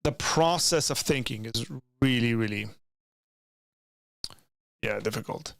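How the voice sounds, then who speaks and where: Casual young man with a gravelly voice. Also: medium pitch, unhurried, a bit bright, a little hiss or hum. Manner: rambling, many restarts and asides. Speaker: streamer reading chat. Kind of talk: casual live-stream chat. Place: home room with bookshelves. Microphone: desk microphone, leans in close.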